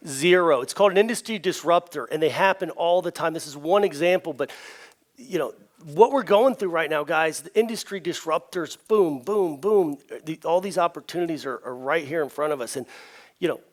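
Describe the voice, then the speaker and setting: A middle-aged man from Ohio telling business stories in a conference keynote, energetic and prone to repeating words as he restarts. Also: a little high, a little fast. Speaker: conference speaker. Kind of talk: storytelling keynote speech. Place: event stage.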